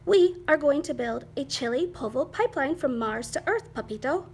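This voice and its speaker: A woman voicing a tiny, cheeky storybook chihuahua, joking and laid-back. The voice is high and fairly loud. Faint hiss sits underneath. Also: lively intonation, normal speed. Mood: eager.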